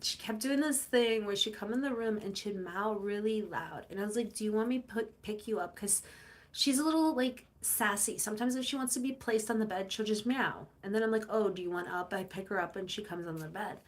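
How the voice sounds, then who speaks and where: This young livestream host has a mid-range voice and a brisk pace, bouncing between viewer comments and long, winding anecdotes told with lively, playful impressions.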